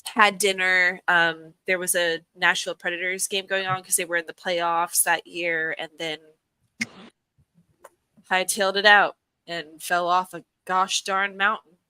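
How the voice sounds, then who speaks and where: A woman's voice: lowish voice, level tone, unhurried, bright, forceful tone, smooth, no echo, rough recording. A woman chatting on a livestream, telling rambling stories with fillers and laughs. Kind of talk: casual livestream chat.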